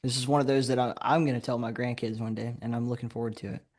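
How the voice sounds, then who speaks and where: Man, from alabama, middle pitch, animated storyteller, laughing asides, casual podcast guest. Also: fast talker. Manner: lively anecdote telling, laughs while talking. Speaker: podcast guest, game designer.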